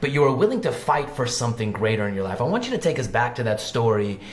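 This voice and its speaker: A man's voice: medium pitch, big pitch swings, fast talker. Male interview host in an echoey room. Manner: conversational, leading the guest into a story. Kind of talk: interview questions. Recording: roomy echo.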